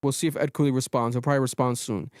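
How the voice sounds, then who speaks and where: A man hosting a podcast, recapping a reality show in animated casual chat and swearing freely. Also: mid-range voice, racing. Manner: animated storytelling, swears freely, quotes people in raised voices. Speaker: podcast host.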